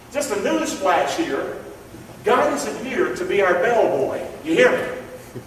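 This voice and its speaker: A man's voice: sits high, very animated, takes it slowly, a little hiss or hum. A male pastor with a Southern US accent preaching a folksy, impassioned sermon with call-and-response in a church sanctuary. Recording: echoey hall, mic far off.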